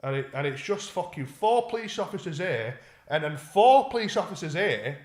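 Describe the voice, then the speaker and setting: A man's voice: high voice, sing-song, moderate pace, a little mellow, roomy sound. A man co-hosting a podcast, telling a rambling, sweary story in casual chat and acting out what people said. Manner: sweary, rambling, acts out quoted voices. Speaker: podcast co-host.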